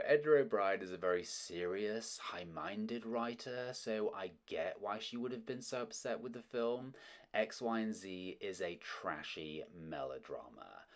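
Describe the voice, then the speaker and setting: Man, very deep voice, film history narrator, wry, opinionated. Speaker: host of a film history channel. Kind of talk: scripted narration with asides.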